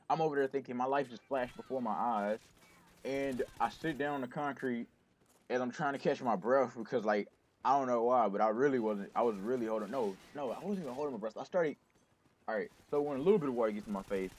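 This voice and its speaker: A young man tells a personal story straight to his viewers, rambling and correcting himself as he goes. His voice sits at an ordinary middle pitch. A faint hiss of noise runs under the recording. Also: brisk. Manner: rambling, self-correcting, animated retelling. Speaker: gaming channel host. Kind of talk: casual storytelling to camera.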